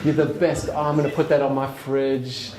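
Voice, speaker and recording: A man voicing a doting, proud mother who gushes praise in a slow, sing-song way. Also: medium pitch, flat delivery, reverberant, a crowd in the background, pitched above the performer's own voice, close to an everyday voice, rough recording. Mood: gushing.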